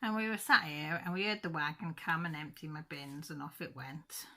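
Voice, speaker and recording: A woman's voice: low-pitched, steady tone, moderate pace, sharp tone. A woman, chatting casually to her channel viewers and telling a funny story with mild cussing. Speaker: craft channel host. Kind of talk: casual chat.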